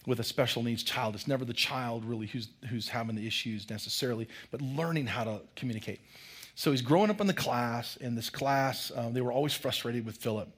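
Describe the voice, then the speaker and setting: A man's voice: mid-range voice, fairly quick, a bit bright, husky. A man preaching a sermon as pastor, telling a story and acting out the voices of children and a teacher.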